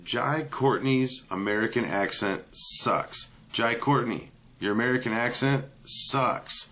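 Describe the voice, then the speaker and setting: A man's voice: mid-range voice, takes it slowly, pushed and bright. A man giving a casual, ranting movie review, blunt and profane, with many filler words.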